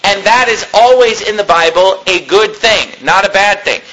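A man's voice: high voice, normal speed, sharp tone, a little hiss or hum, rough recording. A man preaching a sermon in a conversational way, rising emphatically on his key points. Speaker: pastor.

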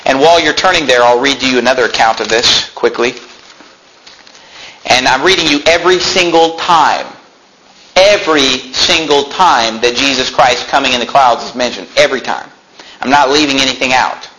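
Male preacher in a sermon, sharp and forceful, reads scripture aloud with loud emphatic bursts. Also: mid-range voice, normal speed, a little hiss or hum, low-quality recording. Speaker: pastor.

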